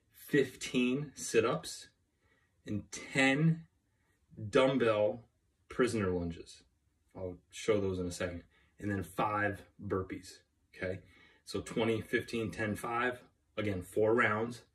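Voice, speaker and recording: A man with a slightly low voice talks through a workout plan. He is a bit out of breath and upbeat, and he keeps checking in with a quick "okay?" between the counts. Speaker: fitness coach. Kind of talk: workout instructions to camera.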